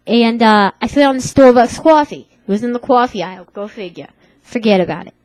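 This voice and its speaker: Woman, twenties, put-on Brooklyn accent, rambling comic story, slangy tough talk, high-pitched. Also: a little fast, darkish tone, no echo, low-quality recording. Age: 20s.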